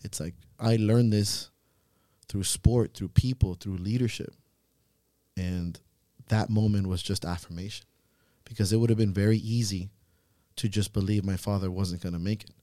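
Thirties male podcast host, earnest storyteller, low register, dry close mic. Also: fairly even intonation, dark tone, no echo. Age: 30s. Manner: earnest, swears freely, halting restarts. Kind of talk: emotional personal storytelling. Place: podcast studio.

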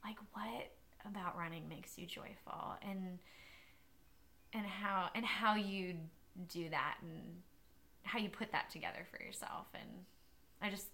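A woman interview guest talking about running, telling stories in an animated way and often laughing. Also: mid-range voice, unhurried. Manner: animated storyteller, laughs often, many restarts. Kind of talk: casual interview conversation.

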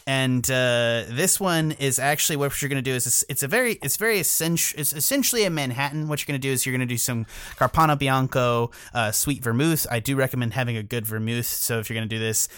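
A man's voice: mid-range voice, quick pace, hardly any pauses, fairly bright tone, smooth, no room sound. Guy on a fan podcast, swears a lot, rambles, dry close sound. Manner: rambling, profane, self-interrupting. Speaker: podcast co-host. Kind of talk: casual podcast chat.

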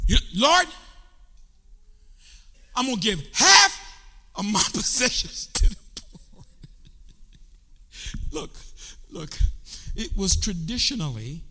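A middle-aged male pastor preaching an animated sermon, shouting and half-singing as he calls out to the congregation in a church. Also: high voice. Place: church sanctuary. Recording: long hall reverb.

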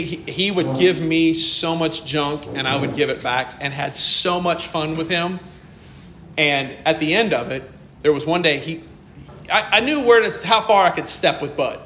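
A man's voice: on the high side, a little slow, sharp tone, echoey room, slight background noise. A man preaching a sermon as pastor, telling stories from his working life, acting out dialogue and laughing often.

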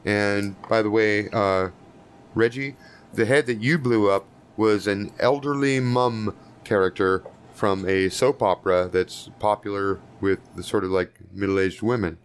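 A man's voice: lowish voice, a little slow, clean tone. Man running a tabletop game, loose and profane. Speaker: game master.

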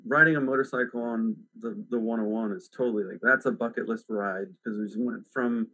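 A man hosting a podcast in casual chat, talking in a relaxed, rambling way with lots of filler words. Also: on the low side, a little fast, no room sound, poor audio. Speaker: podcast host. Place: at home.

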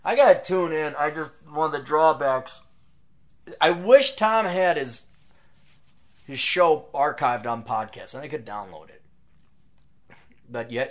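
A male podcast host talks off the cuff, sarcastic and wandering, tossing out plugs between asides. His voice sits a little higher than most men's, and he jumps from loud bursts to low mutters. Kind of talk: casual monologue reading out plugs.

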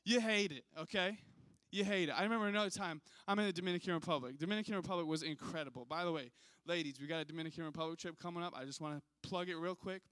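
A male pastor telling a funny story in a sermon, animated and self-mocking, often checking in with the audience. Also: a little high, racing, few pauses, clean tone, no echo.

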